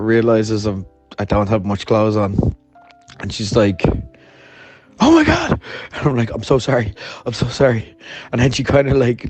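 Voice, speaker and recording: A man's voice: lowish voice, darkish tone. A hungover man telling a friend a story in a voice note, laughing often and swearing as he rambles. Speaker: podcast host.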